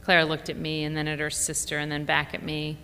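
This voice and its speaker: A woman's voice: completely flat delivery, brisk, bright, forceful tone. A woman narrating a memoir in a wry, reflective tone. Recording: long reverb, faint rumble.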